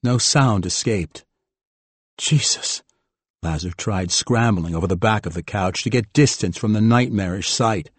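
A man narrating a thriller audiobook in an even, measured way. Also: on the low side, husky, no echo. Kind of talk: scripted narration.

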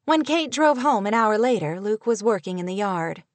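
A woman narrating a novel audiobook in a measured, even storytelling manner, recorded on a close studio mic. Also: medium pitch, dry recording. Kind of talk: scripted narration.

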